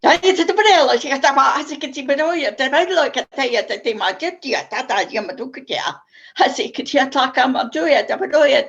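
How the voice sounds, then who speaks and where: A woman's voice: high voice, vocal fry, a bit bright, lo-fi sound. A woman, a guest, chanting a flowing, rhythmic stream of light-language syllables.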